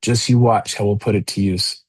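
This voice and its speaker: Guy reading out a worn-down prisoner, low voice, calm and stubborn, dry close sound. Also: moderate pace, no echo, close to an everyday voice. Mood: resolute. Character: weary maimed male prisoner, defiant and stubborn.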